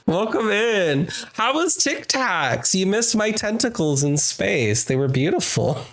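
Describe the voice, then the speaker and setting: A playful woman streamer chats with her live viewers while she games. Her pitch swoops all over the place, she takes her time with every word, and she keeps giggling and repeating herself to tease the chat. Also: very animated. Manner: playful, giggly, drawn-out teasing repetitions.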